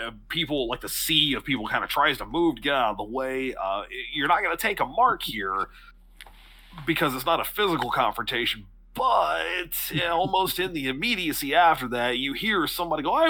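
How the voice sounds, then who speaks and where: A man's voice: a little high, expressive, moderate pace, pushed and bright. A man narrating a tabletop horror game as game master, loose and hesitant, with many restarts.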